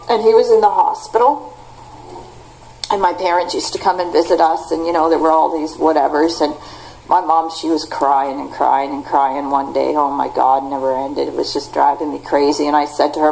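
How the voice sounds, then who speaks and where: A woman's voice: deep voice, normal speed, a little mellow, poor audio. A middle-aged woman telling a rambling personal story and pleading for help in a private conversation. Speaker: caller asking for help.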